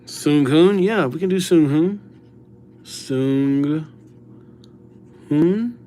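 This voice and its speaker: A man talks slowly and casually on a live stream, reading names aloud as he writes them. He keeps up a loose, chatty patter and thanks his subscribers by name. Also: a little high, warm tone. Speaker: livestreamer writing viewers' names.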